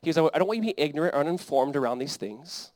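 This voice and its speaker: A man's voice: on the high side, expressive, racing, a little mellow, no echo. A young adult man, a pastor, preaching a sermon in an earnest, conversational way that builds to emphatic peaks.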